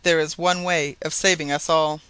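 Brief: man playing a terse, aloof astronomer, calm and plain, high bright voice, dry. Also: moderate pace, clear, resonant tone, no room sound. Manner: calm and matter-of-fact.

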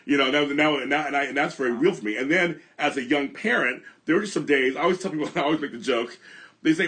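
Brief: middle-aged male host from Los Angeles, lively swinging delivery, candid and reflective. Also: fairly high pitch, fast. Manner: earnest and reflective, repeats and restarts phrases. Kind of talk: candid conversational storytelling.

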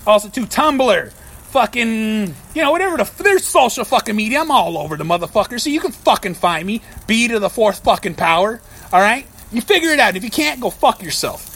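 Ranting, foul-mouthed man, high voice. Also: sing-song, brisk, a bit bright, breathy edge. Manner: profane, ranting, heavy swearing. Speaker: podcast host. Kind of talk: casual podcast rant.

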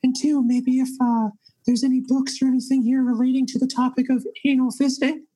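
A man plays a tiny self-important author who claims to be centuries old, in a tabletop role-play. The voice sits high and husky with a dark, mellow tone. He stammers and pushes his requests. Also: flat delivery, fairly quick, low-quality recording. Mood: pretentious. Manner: pretentious, pushy, stammering. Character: small pompous old author, gnome-like, pushy.

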